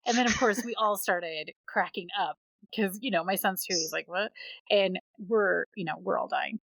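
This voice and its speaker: A woman in her thirties, a podcast co-host, telling personal stories in a casual, animated way and acting out the voices she quotes. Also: medium pitch, normal speed, gravelly, no echo, low-quality recording. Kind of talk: casual storytelling chat.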